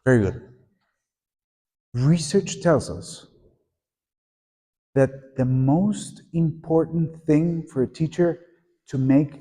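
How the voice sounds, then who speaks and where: Man leading a teacher workshop. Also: on the high side. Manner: lively, prompts the audience to repeat and join in. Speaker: teacher trainer. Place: conference room at a teachers' meeting. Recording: echoey conference hall.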